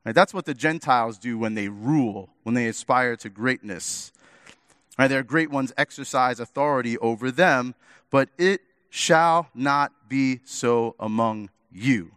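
A man preaching a sermon in an animated way, acting out little dialogues with big swings in pitch and loudness. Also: a little slow, clear, resonant tone, no echo, studio quality. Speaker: pastor.

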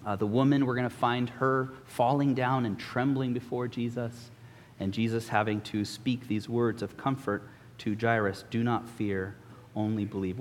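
A man preaching a sermon to his congregation, earnest and searching, often pausing with fillers and restarts. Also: mid-range voice. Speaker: pastor. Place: church. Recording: long reverb of a church hall.

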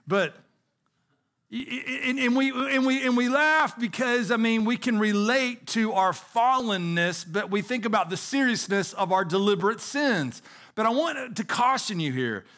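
High, bright-voiced preaching man. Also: expressive, a little slow. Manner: earnest preaching with rhetorical questions. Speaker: pastor. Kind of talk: sermon.

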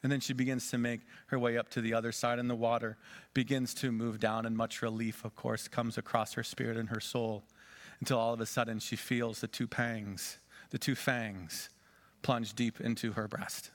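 A man's voice: mid-range voice, little pitch movement, moderate pace. Male pastor, forties, dramatic sermon storyteller. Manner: dramatic storytelling, varying loudness and pace.

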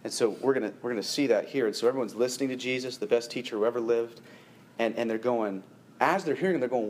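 A man preaching a sermon to a congregation, animated, rising in pitch and force when he presses a point. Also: fast talker, a little hiss or hum. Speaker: pastor.

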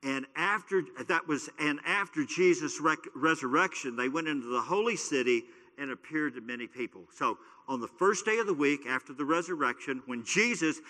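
Bright-voiced pastor in a reverberant hall. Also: male voice, a little high, normal speed. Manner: conversational, storytelling, many fillers. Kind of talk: casual sermon teaching.

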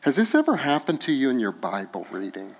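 A man's voice: medium pitch, wildly swooping pitch, a little fast. A man preaching a sermon as pastor, in a conversational way with light self-deprecating humor.

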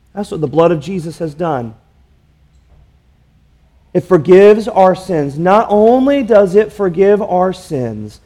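A male pastor delivering a sermon in a high voice. He takes his time, stretching out key words and pressing the congregation with rhetorical questions. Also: mellow.

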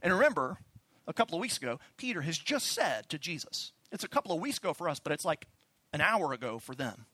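A man's voice: a little high, big pitch swings, fast talker, bright, forceful tone, breathy edge, no room sound. A man preaching a sermon, telling the story with animation and acting out the voices he quotes. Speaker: pastor.

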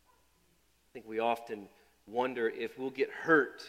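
A man's voice: fairly even intonation, slow. Man preaching a sermon in a reverberant hall. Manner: swings from loud emphatic build-ups to quiet, low asides; repeats and restarts phrases while preaching. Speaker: pastor.

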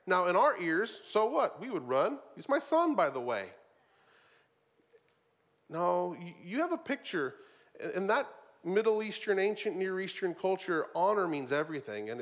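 A man preaching a sermon in an animated way, swinging from loud emphasis to quiet asides and often repeating words. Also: high voice.

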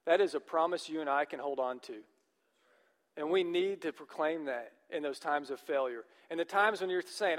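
An earnest male pastor preaches, his somewhat high voice ringing with the long reverb of a large church hall. He encourages his listeners and keeps turning to them with questions. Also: normal speed. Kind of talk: sermon.

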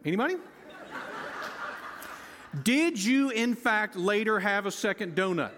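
Male pastor with a high voice, animated and sarcastic in the pulpit, recorded in a large hall with long reverb. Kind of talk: sermon.

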